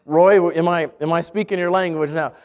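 Male pastor, high voice, energetic storytelling sermon with lots of restarts. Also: moderate pace. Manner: lively storytelling with repeated restarts. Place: church in Albuquerque.

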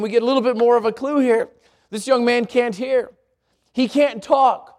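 This sermon comes from a man with a darkish tone who speaks briskly. He drops to a lower voice for scripture readings, often repeats words as he works through his thoughts, and poses questions to the congregation.

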